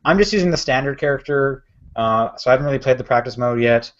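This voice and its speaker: A man's voice: medium pitch, quick pace. A man co-hosting a podcast in casual chat, rambling with lots of fillers and self-corrections. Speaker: podcast co-host. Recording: dull lo-fi podcast audio.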